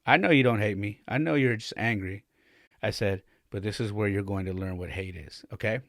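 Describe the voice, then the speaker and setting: Recorded at studio quality with no echo, this forties-aged podcast host speaks in a lowish, creaky voice at a fairly quick clip. He shares a candid family story, performing the dialogue as his voice rises with his agitation.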